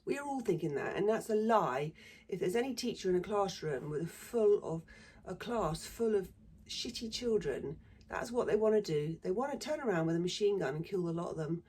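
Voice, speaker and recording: A woman's voice: mid-range voice, expressive, normal speed, darkish tone, slightly rough. A middle-aged woman with a southern English accent, a former secondary teacher talking bluntly and swearing freely in a casual monologue. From southern England.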